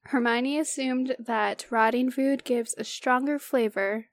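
Woman reading a book aloud, fairly high. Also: steady tone, unhurried, no room sound. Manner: reads steadily, stops to comment and laugh. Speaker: podcast co-host.

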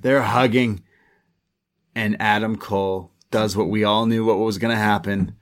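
A man co-hosting a podcast, recapping a wrestling show in a casual, animated way and slipping into voices for quotes. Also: on the low side, unhurried. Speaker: podcast co-host.

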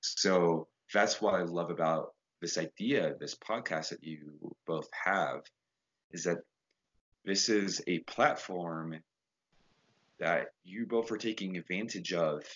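Earnest low-voiced man, lo-fi. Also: takes it slowly, fairly bright tone, breathy edge. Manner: earnest, rambling with fillers. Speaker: podcast guest, photographer. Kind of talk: casual interview chat. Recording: dull lo-fi sound.

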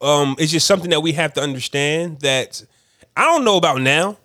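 A man in a casual group chat, explaining his view calmly with some hesitations. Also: fairly high pitch, brisk, no room sound, clean studio sound.

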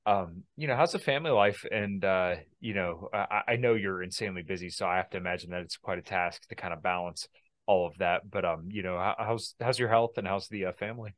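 A man hosting a podcast, talking in a laid-back, halting way with many fillers. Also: low voice, a bit bright, no echo. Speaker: podcast host. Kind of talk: casual podcast interview.

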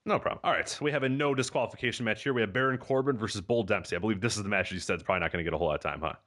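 A man co-hosting a wrestling podcast, quick and agreeable, often laughing in casual chat. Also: fairly low pitch, fairly bright tone. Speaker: podcast co-host.

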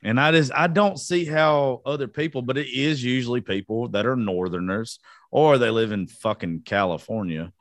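A man's voice: mid-range voice, normal speed, no echo. Profane joking Southern man, dry close sound. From South Georgia, US. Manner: profane, joking, self-mocking. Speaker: podcast host. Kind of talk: casual unedited podcast banter.

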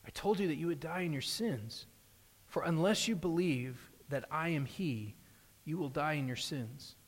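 Brief: male pastor, earnest sermon delivery, a bit high-pitched, reverberant sanctuary. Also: moderate pace, husky. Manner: earnest preaching, rising emphasis, frequent restarts. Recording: long hall reverb.

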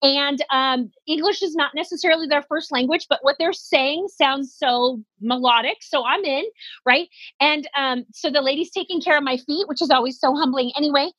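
A woman in her forties telling comic stories about aging, animated and self-deprecating, acting out little quotes. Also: high-pitched, normal speed, dry recording, highs cut off. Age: 40s. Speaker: comedian guest. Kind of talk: comedic storytelling in conversation.

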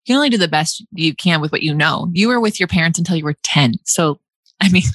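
A woman's voice: lowish voice, animated, quick pace, no room sound, clean studio sound. A young adult woman hosting a casual chat, talking freely with frequent laughs and restarts. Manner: chatty, laughs often, many restarts and likes.

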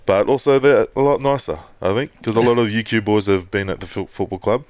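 On the low side and fairly quick, this man's voice comes through a dry recording. He co-hosts a podcast, telling animated, swearing-heavy stories in casual chat and doing put-on impressions of the people he quotes.

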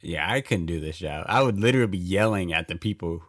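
Animated low-voiced man reacting to a movie. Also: quick pace. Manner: talks back to the screen, laughs often, swears. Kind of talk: casual reaction commentary.

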